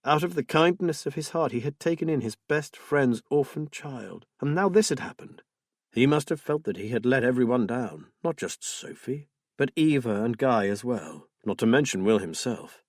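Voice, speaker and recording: A man reading a suspense novel aloud in measured, subdued scripted narration. His voice is husky, with an even middle pitch, and the recording is close and completely dry with no room sound. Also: no echo. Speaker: audiobook narrator.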